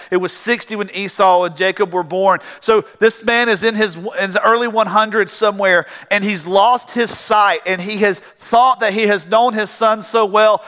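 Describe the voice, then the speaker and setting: A man preaches with a high, bright voice that rings out. His sermon mixes scripture readings with spoken retellings, and the sound carries a long hall reverb behind him. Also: smooth. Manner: preaching, reads scripture aloud and voices pleading characters. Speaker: pastor.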